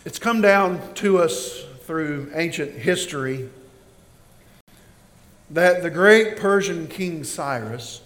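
A man preaching a sermon as pastor, slow and emphatic, building in intensity. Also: on the high side, animated, fairly bright tone. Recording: long reverb of a large hall.

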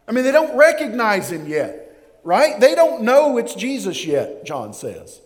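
A man preaches in a high, animated voice, joking and acting out the scenes he describes. His sermon rings through a hall with a long reverb. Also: measured pace. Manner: lively, joking, acts out scenes.

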